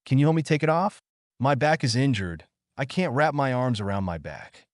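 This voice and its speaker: A man's voice: mid-range voice, lively intonation, normal speed, dry recording, studio quality, lightly acted. A man putting on a coy, teasing young woman.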